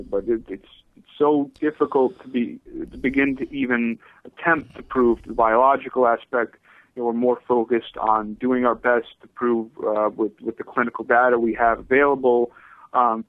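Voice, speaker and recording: A man's voice: mid-range voice, no room sound. A man as an interview guest, talking at length with many fillers and restarts, over a phone line. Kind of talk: radio interview. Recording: dry tinny phone line.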